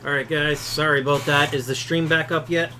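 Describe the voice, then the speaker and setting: A man's voice: fairly high pitch, little pitch movement, fairly quick, sharp tone, a little hiss or hum. A man from Chicago hosting a casual live stream, reading viewer comments aloud and answering them offhand. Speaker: aquarium channel host.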